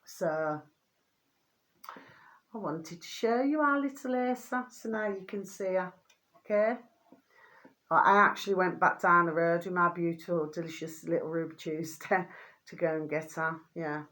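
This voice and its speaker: Chatty woman, rambling and hoarse. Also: on the low side, a little slow, long pauses, a bit bright. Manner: affectionate, rambling, keeps asking "do you see what I mean". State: getting hoarse. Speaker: vlogger. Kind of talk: casual chatty vlog to viewers.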